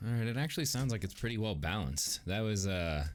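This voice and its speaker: Lively, laughing casual male co-host. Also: on the low side, brisk. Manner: laughing, swearing, rambling. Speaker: podcast co-host. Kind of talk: casual livestream chat. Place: home room on webcam.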